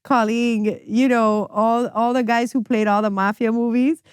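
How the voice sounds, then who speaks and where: A woman's voice: a little high, little pitch movement, measured pace, smooth, no echo, clean studio sound. A woman guest on a podcast, chatting casually and animatedly, laughing often and swearing freely. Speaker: podcast guest, music publicist. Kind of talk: casual chat.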